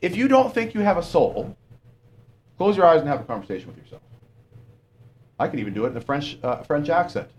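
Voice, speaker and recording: A man's voice: a little high, lively intonation, brisk, long pauses, darkish tone. A male preacher giving a conversational sermon, often asking the congregation questions and adding "okay?" as he goes.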